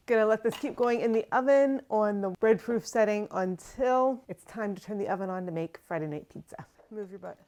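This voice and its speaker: A woman talks through her cheesemaking in a home kitchen. Her delivery is chatty and exasperated, with self-mocking asides at mid pitch. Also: fairly quick, hardly any pauses, darkish tone, slight background noise. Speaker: cheesemaking channel host. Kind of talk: casual kitchen vlog talking to camera.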